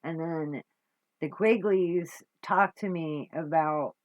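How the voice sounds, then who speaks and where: A woman's voice: sits low, takes it slowly, no echo, highs cut off. A woman telling a story about her flea market booth in a casual monologue, swearing often and rambling with restarts as her exasperation builds.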